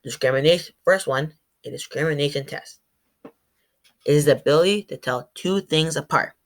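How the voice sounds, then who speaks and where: A woman's voice: sits low, normal speed. A woman presenting to a class. She stumbles over words, corrects herself, and says sample words aloud. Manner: demonstrates sounds aloud. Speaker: student presenter.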